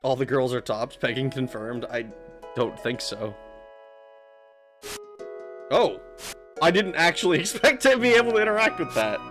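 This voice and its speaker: A man's voice: medium pitch, animated, moderate pace, long pauses, music in the background. A man streaming a video game who talks casually, swears often and laughs a lot. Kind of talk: let's play commentary.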